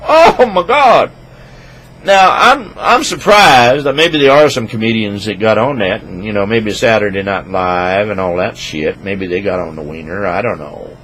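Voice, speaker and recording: A man ranting crudely into a computer microphone at his home desk, rambling and swinging between loud outbursts and low mutters. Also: moderate pace, hardly any pauses, a little hiss or hum, poor audio. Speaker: vlogger. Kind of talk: rambling profane rant to camera.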